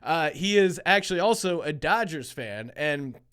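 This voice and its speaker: Brief: man from Philadelphia, podcast host, high smooth voice, joking casual chat. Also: expressive, normal speed, a bit bright. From Philadelphia, USA. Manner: chatty, joking, full of restarts.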